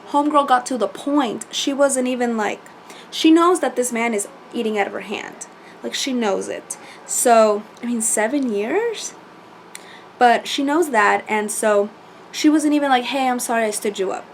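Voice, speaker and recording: A woman chatting casually as she recaps a reality show, animated and full of fillers and quoted asides. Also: a little high, normal speed, slight background noise.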